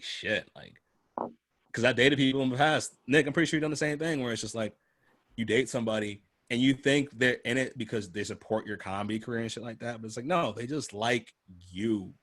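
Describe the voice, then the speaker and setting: Man, podcast host, low-pitched voice, casual profane storytelling, mimics quoted voices. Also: a bit bright.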